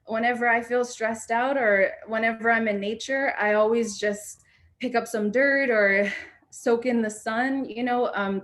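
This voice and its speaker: A young woman speaks on a video call, sharing a personal story. Her voice sits at a middling pitch. Her delivery is reflective and halting, full of ums and restarts. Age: young adult. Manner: reflective, frequent fillers and restarts. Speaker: panel speaker.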